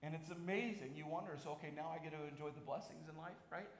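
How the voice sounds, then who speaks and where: A male pastor delivering a sermon in a church, telling personal stories and shifting between soft and emphatic delivery. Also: fairly high pitch, fast talker. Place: church sanctuary. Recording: echoey church hall, faint noise.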